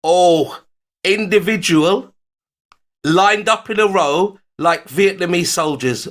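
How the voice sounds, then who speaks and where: A man co-hosting a radio show, joking and teasing with a drawn-out mock-grand delivery. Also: sits high. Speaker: radio co-host. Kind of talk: casual radio banter.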